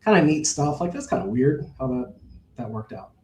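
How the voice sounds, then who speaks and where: A middle-aged man tells stories in a loose, rambling way, full of fillers and restarts. His voice is dark and mellow. It sounds like he is in a roomy space with noticeable echo. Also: medium pitch, big pitch swings, moderate pace, slight background noise. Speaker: horse owner guest. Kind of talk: casual storytelling interview.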